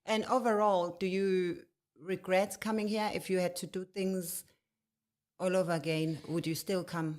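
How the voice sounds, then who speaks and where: South african woman, zulu home language, fairly low voice, slow thoughtful talk with lots of uh, podcast co-host. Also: little pitch movement, darkish tone. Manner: thoughtful, hesitant with uh and restarts, uses proverbs. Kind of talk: casual chat. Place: podcast recording in Britain.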